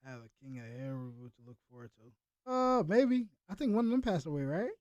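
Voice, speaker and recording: Brief: high-voiced streamer guy, talks with viewers in loose slang, very animated. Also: fast talker, dry recording, lo-fi sound. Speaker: reaction streamer. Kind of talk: casual reaction chat.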